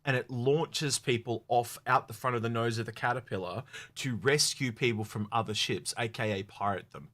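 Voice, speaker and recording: A man with an Australian accent co-hosting a casual podcast chat, talking at length with many pauses and fillers. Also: medium pitch, fairly bright tone. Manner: rambling, hesitant with many fillers. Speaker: podcast co-host.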